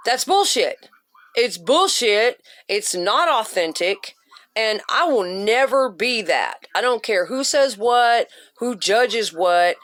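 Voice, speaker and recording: A woman's voice: fairly high pitch, lively intonation, takes it slowly, a bit bright. A woman vlogger giving blunt self-help advice in an emphatic, profane rant with punchy repetition.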